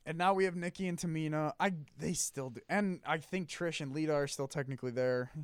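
A man chatting casually as a podcast co-host, relaxed, laughing often as he runs through his picks. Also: fairly high pitch, a little fast, clean tone, no room sound. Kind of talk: casual chat.

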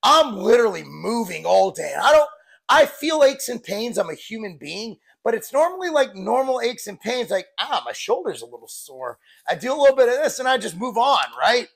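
A man's voice: very high-pitched, sing-song, brisk, creaky, fairly bright tone. A man in his forties, a fitness coach, talking candidly and bluntly in a rambling, casual vlog style. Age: 40s.

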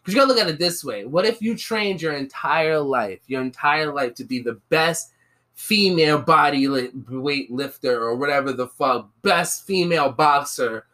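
A woman's voice: low voice, lively intonation, normal speed, a bit bright. A woman in casual conversation, making her point earnestly with slang and repeated check-ins to the listener. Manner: argues earnestly with slang and repeated "you get what I'm saying". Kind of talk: casual chat.

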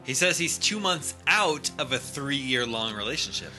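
Brief: male podcast host, very bright voice, upbeat and wry, soft music under. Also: mid-range voice, expressive, moderate pace. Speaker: podcast host reading listener letters. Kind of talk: casual comedic chat.

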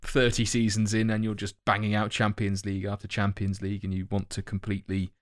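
Guy on a podcast, lowish voice, rambly and keeps restarting his sentences. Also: completely flat delivery, a little fast, dry recording, studio quality. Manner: rambling, self-correcting, many "um" and "like". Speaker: podcast co-host. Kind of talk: casual podcast chat.

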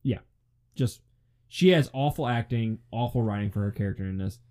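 A man's voice: fairly low pitch, normal speed, warm tone. A young man co-hosting a casual movie review chat, blunt and laughing often, swearing freely. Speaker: podcast co-host.

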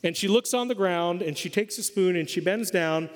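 A man's voice: high-pitched, moderate pace. A man preaching a sermon as pastor, emphatic and quizzing his congregation in a church hall. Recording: long hall reverb.

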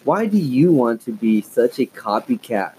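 A man's voice: medium pitch, big pitch swings, a little slow, mellow, slight background noise, rough recording. A man voicing a bratty, possessive preteen girl who argues heatedly and whines when cornered. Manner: whiny, heated, defensive.

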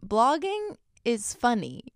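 A woman's voice: fairly high pitch, wildly swooping pitch, slow pace, dry recording, studio quality. A young woman talking to camera in a casual vlog, chatty and self-deprecating, filling her sentences with "like.". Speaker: YouTuber.

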